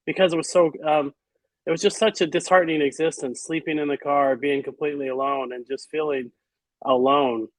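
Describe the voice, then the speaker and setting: A man's voice: fairly high pitch, steady tone, brisk, dry recording, rough recording. A man speaking as a guest in an interview, earnest and reflective, with some hesitations. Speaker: guest author and physician. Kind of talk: interview conversation.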